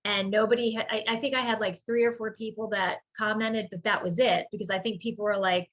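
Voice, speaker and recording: A woman who runs a small business, chatting casually on a group video call and telling a rambling, animated story. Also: mid-range voice, a little fast, hardly any pauses, highs cut off.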